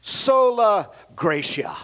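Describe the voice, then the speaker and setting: A middle-aged male pastor preaching with a fairly high, light voice. He swings between booming passages and hushed asides, with casual slang and frequent hallelujahs. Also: very slow. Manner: animated preaching, swings from loud to quiet asides. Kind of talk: sermon.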